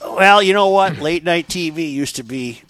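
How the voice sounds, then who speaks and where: A man's voice: on the high side, normal speed, a loud crowd. An older man, a regular on a talk show, animatedly telling jokes and stories in casual chat. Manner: animated joke-teller, voices characters in stories.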